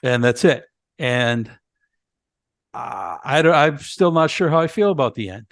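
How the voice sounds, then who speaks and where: A man's voice: medium pitch, lively intonation, unhurried, no room sound, studio quality. A man co-hosting a podcast, casually retelling a movie plot step by step with many fillers and restarts. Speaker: podcast co-host. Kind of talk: casual movie review chat.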